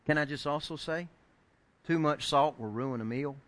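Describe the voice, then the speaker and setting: A middle-aged man preaching a sermon, telling a story with lively acted-out quotes and building to shouted points. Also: a little high, moderate pace. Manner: animated storyteller acting out quoted voices, rising to shouts. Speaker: pastor.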